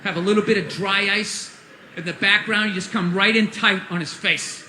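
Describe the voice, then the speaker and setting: A man doing a stand-up comedy rant, profane and exasperated, bursting into shouts. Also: sits high, steady tone, moderate pace, echoey room, slight background noise.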